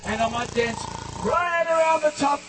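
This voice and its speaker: A man's voice: very high-pitched, normal speed, very noisy. A man entertaining children on stage at a live concert, playfully talking to the audience. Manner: playful, exclaiming to kids. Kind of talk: live show patter to audience. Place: concert auditorium. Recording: echoey live hall, distant, loud music.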